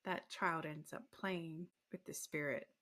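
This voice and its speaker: A woman's voice: low voice, steady tone, a little slow, fairly bright tone. A woman hosting a conversational interview, reflective and affirming, telling stories. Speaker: podcast host.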